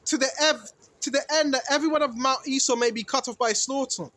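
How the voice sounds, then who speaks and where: A man's voice: fairly quick, bright, forceful tone. A man teaching from the Bible in a sermon, asking rhetorical questions and often tagging lines with "right?". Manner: preachy, asks rhetorical questions, repeats "right?"; rises in pitch and volume when emphatic. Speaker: street preacher.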